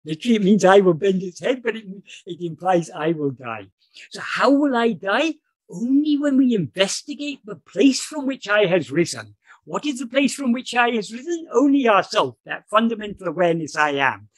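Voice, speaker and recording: Man explaining slowly on a video call. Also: high voice, very animated, no echo. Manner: measured, explanatory, with frequent fillers and restarts. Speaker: teacher. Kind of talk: spiritual talk on a video call.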